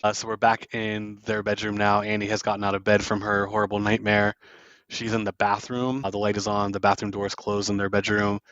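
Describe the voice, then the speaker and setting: Low-voiced man recapping a film. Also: completely flat delivery, brisk, fairly bright tone, no echo, dull audio. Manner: loose, rambling retelling with many fillers. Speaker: podcast host.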